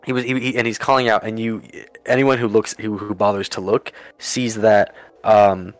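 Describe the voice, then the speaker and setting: Halting low-voiced man running a game. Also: flat delivery, soft background music. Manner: halting, many restarts and fillers. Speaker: game master. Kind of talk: narrating a tabletop game.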